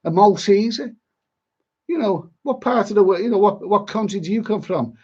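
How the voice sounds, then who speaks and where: A man with a Liverpool accent chats casually on a live stream, rambling and blunt, with a fair bit of grumbling. His voice sits fairly high and a little husky. The sound is dull and lo-fi. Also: moderate pace, mellow. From Liverpool, England. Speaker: travel vlogger.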